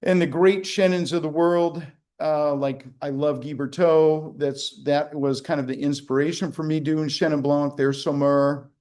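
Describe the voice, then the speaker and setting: A man's voice: on the high side, steady tone, a little slow, hardly any pauses, a little mellow. A man hosting a casual virtual wine tasting on a video call, rambling and joking with fillers and restarts. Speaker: winery executive hosting a tasting. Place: winery.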